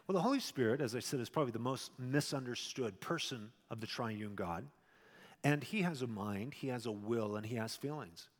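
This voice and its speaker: A man's voice: mid-range voice, moderate pace. Preaching man in a reverberant hall. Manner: conversational preaching, shifts between loud emphasis and quiet asides. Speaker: pastor. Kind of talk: sermon.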